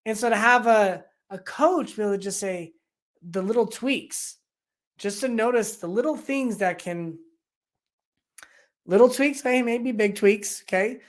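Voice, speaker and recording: A business coach giving an energetic, enthusiastic explanatory talk, full of rhetorical questions. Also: mid-range voice, measured pace. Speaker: business coach and EOS implementer.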